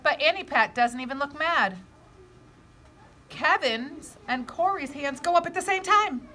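A woman reading a children's chapter book aloud, expressive, gasping and adding asides to young listeners. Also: high-pitched, a little slow.

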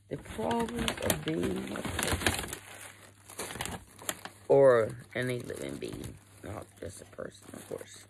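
A young woman chats her way through an unboxing, wandering from thought to thought and swearing without a second thought. Her voice has a gravelly, fry-heavy edge. She speaks slowly, and her pitch climbs and dips freely as she talks. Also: wildly swooping pitch, noisy background. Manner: rambling, swears freely, trails off. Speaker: vlogger. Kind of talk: casual unboxing chat.

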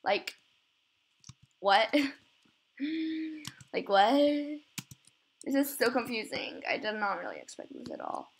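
Giggly young woman chatting slowly while gaming. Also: medium pitch, expressive, creaky, slight background noise. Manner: giggly, rambling, many self-conscious laughs. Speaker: gamer recording gameplay. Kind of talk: casual gameplay chat.

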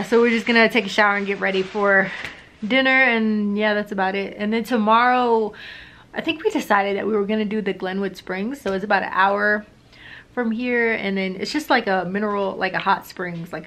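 A woman's voice: mid-range voice, steady tone, brisk, fairly bright tone. Chatty woman vlogging to camera. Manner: chatty, filler-heavy, talks straight to camera. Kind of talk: casual travel vlog. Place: hotel room and ski resort.

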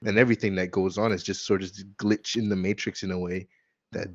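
A man co-hosting a casual podcast chat about ghost stories, slangy and quick to laugh. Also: low voice, steady tone. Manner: laughing, slangy, says dude often. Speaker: podcast co-host. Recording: dull lo-fi sound.

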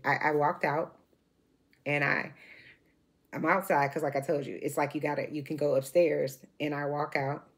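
A woman's voice: deep voice, vocal fry, breathy edge. A woman in her forties giving an emotional, emphatic monologue to camera, repeating herself and restarting sentences. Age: 40s. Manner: emphatic and repetitive, full of restarts. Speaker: vlogger.

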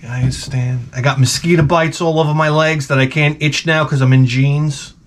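A man's voice: a little fast, slight background noise. A man ranting casually to the camera, profane and wry, acting out quotes as he tells funny stories. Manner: animated storytelling, acts out quotes in a high voice. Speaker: vlogger. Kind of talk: casual comedic rant.

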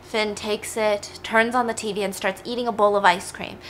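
Bright, chatty young woman storyteller. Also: medium pitch, fairly even intonation, normal speed, a little hiss or hum. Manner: chatty, emphatic, wry asides. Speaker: storytelling vlog host. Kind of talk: casual true crime storytelling.

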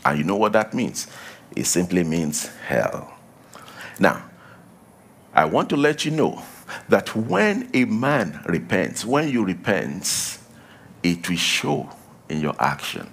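A male preacher delivering a sermon, emphatic, repeating key lines and dropping to a low hush for warnings. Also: sing-song, a little slow, creaky.

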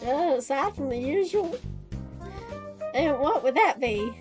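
Brief: a stern male bird teacher with a hillbilly drawl, high voice, played by a woman. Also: animated, unhurried, over music. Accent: put-on hillbilly drawl. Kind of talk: reading game dialogue aloud.

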